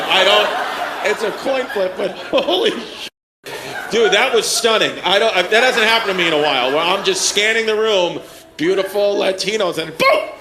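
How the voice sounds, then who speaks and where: A man doing stand-up crowd work, brash and profane, laughing at his own jokes. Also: high-pitched. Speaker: stand-up comedian. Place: comedy club stage before a laughing crowd. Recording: club mic with loud crowd laughter and room noise.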